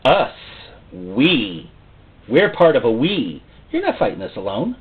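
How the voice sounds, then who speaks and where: A man's voice: mid-range voice, wildly swooping pitch, moderate pace, slightly rough. A man preaching a sermon, emphatic and repeating phrases for stress. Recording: tinny phone-like sound.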